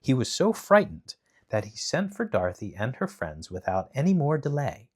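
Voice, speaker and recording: A man reading a children's bedtime story aloud, animated and dramatic in his delivery. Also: mid-range voice, normal speed, breathy edge.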